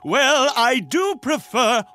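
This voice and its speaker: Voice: sits high, sing-song, slow pace, sharp tone, faint music behind, exaggerated voice. A performer voicing a pompous, embarrassed male knight in his underwear who speaks in formal, courtly address.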